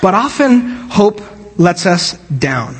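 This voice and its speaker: A man preaches from the church stage in a high, husky voice. He talks in an animated, joking way and often restarts his sentences. The sound rings out with the long reverb of a large hall. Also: slow. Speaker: pastor. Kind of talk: sermon. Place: church sanctuary.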